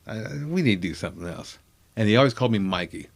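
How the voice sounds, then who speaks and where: A man's voice: lowish voice, expressive, very fast. A comedian telling a profane, self-mocking story from his childhood in casual chat.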